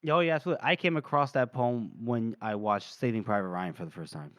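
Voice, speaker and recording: A young man co-hosting a podcast animatedly retells a book chapter in casual chat, briefly acting out the characters' lines. His medium-pitched voice is fairly bright and quick, with no room sound.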